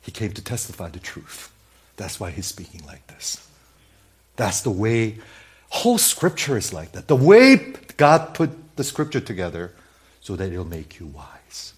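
A male pastor preaching a sermon, swinging from loud emphatic exclamations to hushed near-whispers, repeating lines and calling for amens. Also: deep voice, very animated, normal speed. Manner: repetitive, emphatic, calls for amen.

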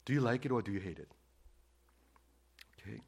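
Man preaching, loud peaks and whispers. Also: lowish voice, lively intonation, a little fast, slightly rough. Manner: swings between loud emphatic lines and hushed whispers; repeats key phrases for emphasis. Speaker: pastor. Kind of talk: sermon.

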